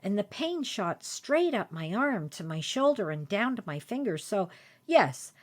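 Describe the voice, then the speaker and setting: A woman's voice: mid-range voice, very animated, a little slow. A woman hosting a podcast, telling a personal story in a chatty, self-deprecating way. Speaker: podcast host.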